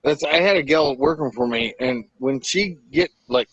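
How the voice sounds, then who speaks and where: A man's voice: medium pitch, lively intonation, normal speed, a bit bright, dry recording, dull audio. A man joining a group livestream as a guest, plainspoken and folksy. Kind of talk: casual group chat.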